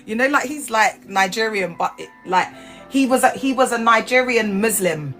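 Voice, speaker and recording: A woman chatting casually to viewers on a livestream, animated and laughing, her voice jumping up high when she gets excited. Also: normal speed, soft background music. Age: adult with grown children. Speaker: livestream host. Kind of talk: casual chat.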